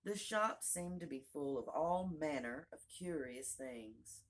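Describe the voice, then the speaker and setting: A woman narrating a classic children's storybook aloud in a calm, measured way. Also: sits low. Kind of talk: audiobook narration.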